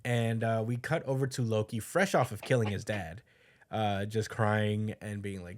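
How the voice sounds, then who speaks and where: A man's voice: fairly low pitch, steady tone, moderate pace. Guy on a podcast recapping the latest chapter, loose and chatty, ums everywhere. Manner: loose storytelling with fillers, voices quotes. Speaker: podcast co-host.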